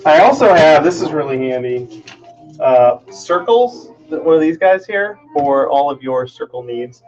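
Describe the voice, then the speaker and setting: A man's voice: a little high, lively intonation, unhurried, a little mellow, lo-fi sound, faint music behind. A man hosting a live stream from his home workshop, casually talking through his work, thinking aloud and joking about himself. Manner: chatty, self-deprecating, thinking aloud while working.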